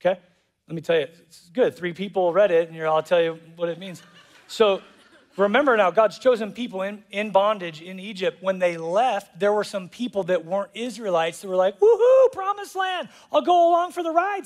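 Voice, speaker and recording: A man preaching a sermon as pastor, animated and jokey, acting out voices in quotes. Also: sits high, moderate pace. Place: church auditorium.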